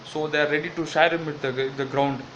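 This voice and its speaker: A man doing a bossy cricket mascot with an Indian English accent, loud and pushy, rambling through his points with plenty of fillers. His voice is bright and forceful, and faint background hum sits under it. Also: fairly high pitch, fairly even intonation, brisk, muffled recording, close to an everyday voice. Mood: chatty. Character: brash bossy cricket-league mascot named Jill. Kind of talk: comic double-role sketch.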